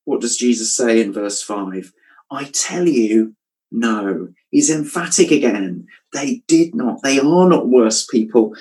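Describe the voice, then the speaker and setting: A man preaching a sermon, thoughtful and measured, dropping his voice quietly when quoting scripture. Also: medium pitch, expressive, rough recording. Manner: reflective, drops to a hush on quoted scripture.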